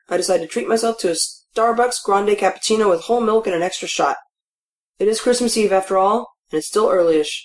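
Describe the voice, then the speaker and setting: A woman reads a first-person story aloud with an even, mid-pitched voice. Her tone is matter-of-fact and wryly humorous, a steady literary narration. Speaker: audiobook narrator.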